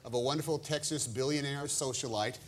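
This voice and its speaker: An American man in his fifties, chatting as a guest on a talk show. He jokes around and puts on a playful show of being offended. A light hiss sits under his voice, which is of ordinary pitch. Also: brisk. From United States. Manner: jokey, playful, mock-indignant banter. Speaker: guest actor.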